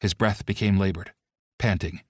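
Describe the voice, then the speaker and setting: This deep-voiced man narrates a story at a moderate pace, his tone husky yet steady and expressive. Captured up close, the audio is very dry, free of room sound or echo.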